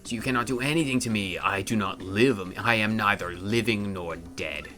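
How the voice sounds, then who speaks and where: A man voicing a boastful undead male pirate skeleton king in a video game, drawn-out and theatrical. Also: fairly low pitch, over music, lightly acted. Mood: gloating.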